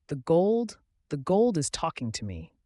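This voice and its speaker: A man's voice: a little high, wildly swooping pitch, unhurried, mellow, no echo, studio quality, pitched above the performer's own voice, full character voice. A man voicing a young man who has lost his mind, raving and sing-song, in a scripted storybook narration. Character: young man gone mad, babbling and laughing.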